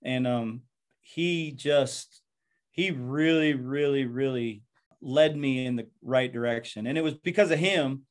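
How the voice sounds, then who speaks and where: A man's voice: medium pitch, unhurried. Earnest man pastor telling his story. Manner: earnest, reflective, often repeats words as he talks. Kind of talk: personal storytelling interview.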